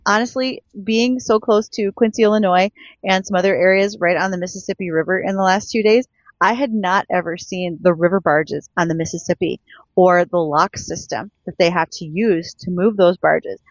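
A woman from North Dakota hosting agriculture radio, folksy and brisk as she runs through market facts. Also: fairly low pitch, no echo, lo-fi sound. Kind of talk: radio farm market talk. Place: radio studio.

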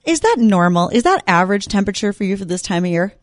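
A woman's voice: mid-range voice, big pitch swings, quick pace, no room sound, clean studio sound. Woman co-hosting a farm radio show. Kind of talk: radio talk show chat.

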